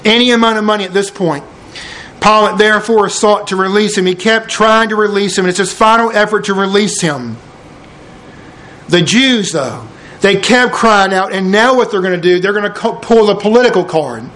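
A man preaching a sermon, retelling a scripture passage and acting out the characters in casual, dramatic voices, dropping low and slow for emphasis. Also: fairly bright tone, rough recording.

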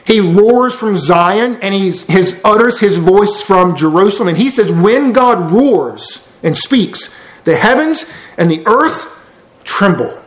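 A man's voice: high-pitched, lively intonation, takes it slowly. A man preaching a sermon, folksy and emphatic, with lots of rhetorical questions. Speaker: pastor. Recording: roomy church hall sound.

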